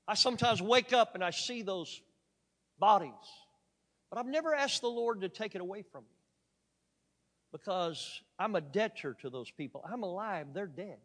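A man preaching a sermon, telling a story dramatically and swinging from loud emphatic peaks to quiet asides. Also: sits high, expressive, measured pace, in a large hall.

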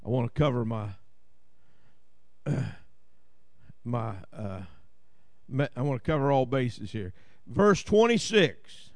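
A man's voice: mid-range voice, lively intonation, slow, pauses often, no echo, clean studio sound. A man with a Southern Ohio accent preaching a sermon, folksy and joking, often asking the congregation "Amen?". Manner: folksy, jokey asides and repeated "Amen?" to the congregation. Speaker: pastor.

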